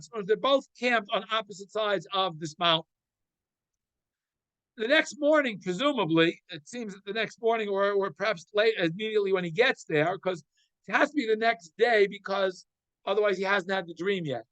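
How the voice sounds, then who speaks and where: A man's voice: high-pitched, a bit bright, no room sound, low-quality recording. Man teaching a Torah class, dry sound. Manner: translates Hebrew verses line by line and explains.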